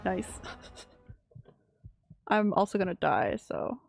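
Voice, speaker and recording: A young woman with a gravelly, fry-edged voice chats her way through a game stream. She rambles loosely, swears casually and laughs at her own mistakes. Her pitch sits in an ordinary middle range. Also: expressive, drawn-out words, soft background music. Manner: chatty, rambling, swears casually, self-mocking. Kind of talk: casual gameplay commentary.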